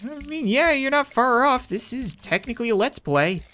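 A man's voice: very high-pitched, sing-song, moderate pace, sharp tone. A man giving crude, joking commentary while playing video games. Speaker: gaming YouTuber. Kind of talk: comedic gameplay commentary.

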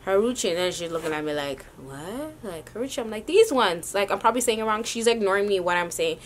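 A woman's voice: medium pitch, fast, a little hiss or hum. A woman vlogging a sneaker haul, rambling and casual with lots of slang. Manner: chatty, rambling, slangy ("yo", "y'all").

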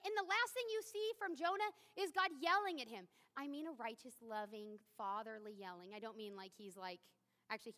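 A woman's voice: a little high, sharp tone. A woman in her thirties preaching a sermon in a chatty, joking way with playful asides. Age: 30s. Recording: long church-hall reverb.

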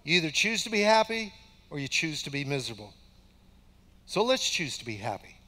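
An older pastor in his sixties preaches in a folksy, conversational way, leaning hard on repeated phrases for emphasis. His voice sits high for a man. The sound trails off in the long reverb of a large church hall. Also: big pitch swings, fairly quick, sharp tone. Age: 60s. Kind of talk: conversational sermon. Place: church sanctuary.

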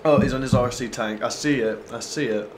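A man's voice: medium pitch, brisk, a little hiss or hum. Swearing man taunting game rivals. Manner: swearing, banter, mocking taunts at opponents. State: stoned. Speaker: gaming YouTuber. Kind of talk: casual gameplay commentary.

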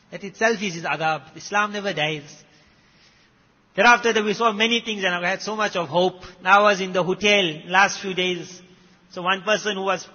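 South African male preacher, emphatic storyteller; sharp tone in a reverberant, dull-sounding hall. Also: sits high, husky. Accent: South African Indian English. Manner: emphatic, rising and dropping loudness. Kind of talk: sermon storytelling. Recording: muffled recording with long hall echo.

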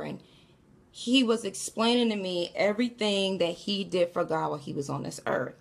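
A woman's voice: medium pitch, moderate pace, vocal fry. A woman casually telling listeners about a frightening dream, chatting directly to them. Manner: chatty, addresses listeners as y'all. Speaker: storyteller recounting a dream. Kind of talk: casual spoken testimony.

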